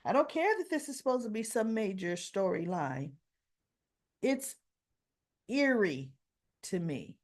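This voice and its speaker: A woman hosts a casual soap opera recap at a middle pitch. She tells it in an animated, opinionated way and slips into the characters' voices when she quotes them. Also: unhurried, pauses often. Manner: acts out characters' dialogue.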